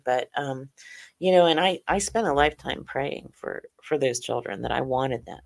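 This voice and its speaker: A middle-aged woman telling her personal story as an interview guest, halting and earnest, with many "you know"s. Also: a bass voice, vocal fry. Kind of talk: personal account in a podcast interview.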